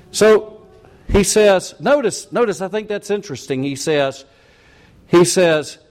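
A man's voice: high-pitched, a little mellow. An older male pastor preaching a folksy, conversational sermon full of asides and rhetorical questions.

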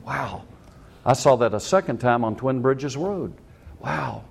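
Animated older man preaching a sermon. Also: mid-range voice, a little slow, creaky, a little hiss or hum. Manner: animated, exclaiming, acts out quotes. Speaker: pastor.

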